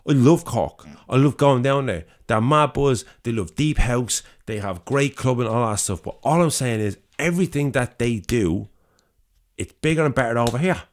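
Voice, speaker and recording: A man's voice: medium pitch, expressive, moderate pace. A young man with a Dublin accent, co-hosting a podcast and arguing his case emphatically, swearing freely and stacking repeated phrases. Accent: Dublin Irish. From Dublin, Ireland. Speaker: podcast co-host. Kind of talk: casual debate over drinks.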